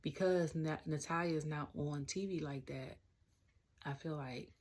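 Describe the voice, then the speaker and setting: A young Southern US woman with a deep, darkish voice rambles at a measured pace through a casual, rant-style wrestling review. Her talk is loaded with slang and filler.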